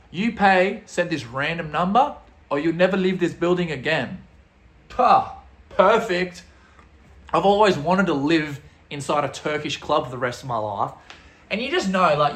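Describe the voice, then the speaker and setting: A young Australian man telling a story in a casual, comedic way. His delivery is animated and crude, with frequent laughter. His voice sits fairly high and has a roomy echo. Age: young adult.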